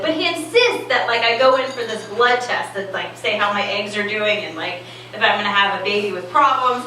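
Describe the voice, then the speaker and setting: A woman's voice: mid-range voice, animated, a little fast, bright, forceful tone. A woman in her late thirties performing a stand-up comedy set, wry and conversational, with lots of "like"s. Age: late 30s. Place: comedy club stage. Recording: echoey club from far off, noisy.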